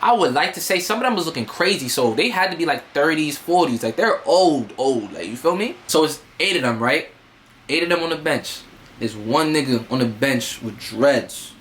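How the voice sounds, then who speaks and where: A man's voice: on the high side, animated, normal speed, a bit bright, slight background noise. Streetwise New man telling a story. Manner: streetwise, slangy, repeats fillers. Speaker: vlogger. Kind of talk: casual storytelling.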